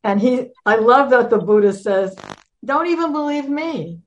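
A woman's voice: on the high side, lively intonation, a little slow, dull audio. A woman taking part in a casual group discussion, speaking earnestly. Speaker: discussion participant.

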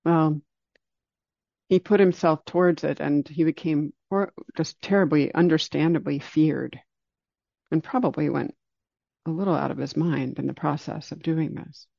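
A man giving a dharma talk, telling a story in a calm, unhurried way and slowing down for emphasis. It is a dull lo-fi recording. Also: on the high side, creaky, no room sound. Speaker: meditation teacher.

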